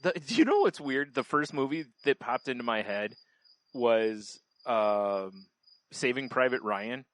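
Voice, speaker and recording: A man's voice: mid-range voice, expressive, measured pace, a bit bright, no room sound. A man co-hosting a casual podcast, rambling and trailing off, laughing often as he talks. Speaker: podcast co-host.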